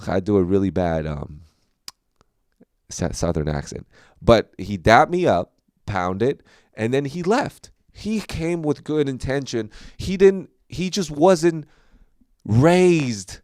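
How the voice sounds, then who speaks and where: A young man, a comedian hosting a podcast, talking in a casual, rambling way with many fillers and animated jumps in pitch. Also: takes it slowly, no room sound, studio quality.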